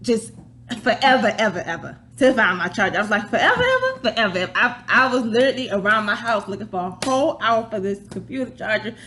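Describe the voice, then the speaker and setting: A young woman hosting her own casual vlog, chatting in an animated, storytelling way with squealing quoted reactions, recorded on a basic phone or webcam mic. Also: mid-range voice, a little fast, a little hiss or hum. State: out of breath. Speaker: vlog host. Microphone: phone or webcam, before her new microphone works.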